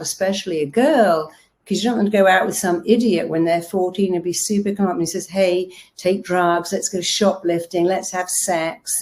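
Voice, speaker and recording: A woman, a therapist giving a lively motivational talk and acting out quotes as she tells stories. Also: medium pitch. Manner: lively storytelling with acted-out quotes. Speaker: therapist and self-help speaker.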